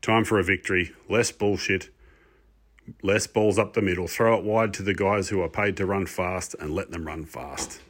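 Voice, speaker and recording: A man's voice: sits low, steady tone, moderate pace. A man playing a self-styled lord, a frustrated, ranting sports fan persona. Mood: exasperated rant. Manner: ranting, exasperated, swearing. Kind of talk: pre-recorded comic rant segment.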